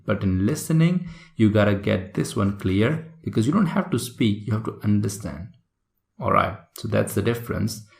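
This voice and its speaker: In this recorded online lesson, a male IELTS instructor teaches exam prep in a chatty style, frequently tagging on "right?" and "okay?". His voice is lowish and gravelly, and the recording has an echoey room sound.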